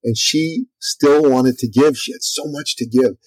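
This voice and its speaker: A man guest on an interview, a business coach telling a story in an energetic, conversational way. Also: medium pitch, a little slow, no room sound, rough recording. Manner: energetic, lively storyteller, acts out quotes.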